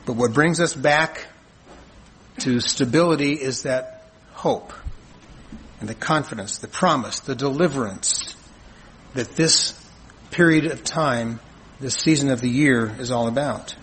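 A man preaching a sermon in an earnest, measured way, asking rhetorical questions and answering them. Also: medium pitch, a bit bright, a little hiss or hum, low-quality recording. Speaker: pastor.

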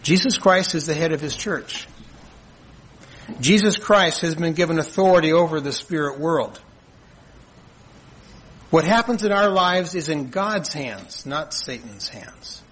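A man preaching a sermon in an earnest, measured way, asking rhetorical questions and answering them. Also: on the high side, animated, fairly bright tone, slightly rough, poor audio. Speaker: pastor.

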